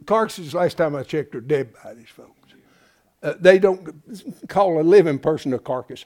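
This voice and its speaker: Preacher guy, folksy and emphatic, kinda high voice, big swings from loud to hushed. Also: expressive, moderate pace. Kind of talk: sermon.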